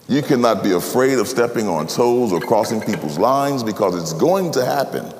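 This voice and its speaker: Pastor, male, mid pitch, emphatic sermon delivery with big swings of pitch, long hall reverb. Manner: emphatic, swings between loud high pleading and low quiet asides.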